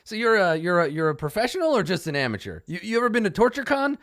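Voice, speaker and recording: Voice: mid-range voice, very animated, a little fast, pushed and bright, dry recording, studio quality. Someone doing a chatty bugbear torturer. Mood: chummy. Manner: chatty, matter-of-fact about gore.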